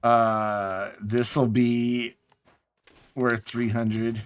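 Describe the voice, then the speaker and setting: A man's voice: mid-range voice, level tone, very slow, a little hiss or hum. A man casually chatting to his viewers while playing a game on a live stream, sounding tired and yawning. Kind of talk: casual live gameplay chat.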